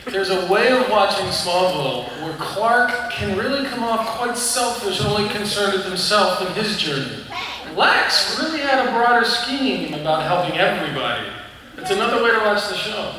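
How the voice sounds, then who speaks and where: A man with a fairly high voice tells easygoing stories on a convention panel. He is picked up far from the mic in a large echoing hall, with a crowd heard behind him. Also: animated, normal speed. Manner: easygoing, telling anecdotes. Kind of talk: panel storytelling.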